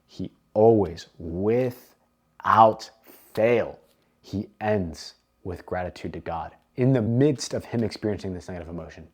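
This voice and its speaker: A man's voice: low voice, a little mellow, slightly rough. A man coaching in a casual, faith-based talk, earnest and emphatic, often repeating words for stress. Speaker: men's coach.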